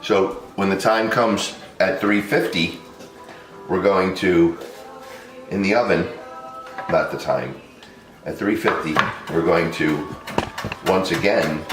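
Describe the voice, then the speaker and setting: A man's voice: deep voice, slow, long pauses, reverberant, music in the background. A man hosting a home cooking vlog, talking loosely and chatty to the camera and laughing often as he walks through the prep. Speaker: home cook vlog host. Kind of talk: casual cooking demonstration. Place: home kitchen.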